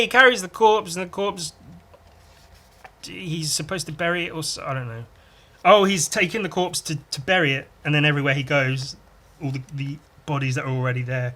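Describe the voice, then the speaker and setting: A man hosts a casual podcast, enthusing over a comic and making his own sound effects as he reads. His voice is bright and fairly high. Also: moderate pace. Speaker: podcast host.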